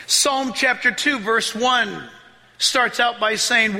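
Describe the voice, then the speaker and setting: A pastor preaching a sermon with excitable energy, often laughing and rising into shouts as he reads scripture. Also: extremely high pitch, slow pace, gravelly. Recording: long reverb of a large hall.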